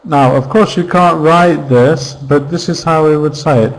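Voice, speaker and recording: Slow, patient male English teacher. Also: on the high side, low-quality recording. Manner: patient, repeats example phrases, asks checking questions. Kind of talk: online class grammar lesson.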